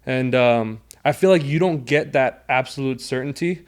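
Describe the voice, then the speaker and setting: A man as an interview guest, explaining things earnestly in a measured way about his team. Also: medium pitch, clear, resonant tone. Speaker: guest, sales team leader. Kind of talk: casual interview chat.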